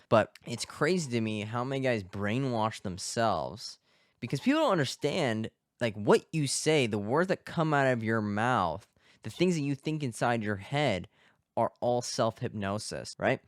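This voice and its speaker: A man's voice: lowish voice, no echo, studio quality. Blunt, profane man on a podcast. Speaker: podcast host and dating coach. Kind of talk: casual podcast monologue. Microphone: close podcast mic.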